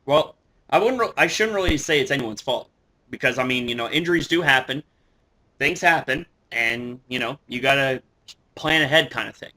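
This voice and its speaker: Animated, bright-voiced male wrestling vlogger. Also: medium pitch, normal speed. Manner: animated, swears, shouts when excited. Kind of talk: excited fan commentary.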